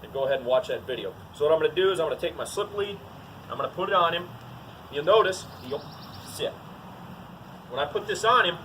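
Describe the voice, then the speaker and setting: A man with a voice a little higher than most talks through a dog training routine. He is plain-spoken and direct, and keeps saying "all right" between steps. Outdoor hum and passing traffic can be heard clearly behind him. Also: pushed and bright, recorded from a distance, rough recording. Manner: plain, to-the-point, says "all right" often. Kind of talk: casual outdoor training demo.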